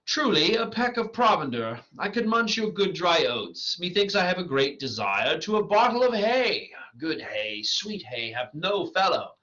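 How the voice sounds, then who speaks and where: A man's voice: sits high, very animated, a little slow, few pauses, sharp tone, pitched above the performer's own voice, full character voice. A man reading the part of a foolish male weaver with a donkey's head, in a boastful, bumbling manner. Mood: greedy. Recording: lo-fi dull recording.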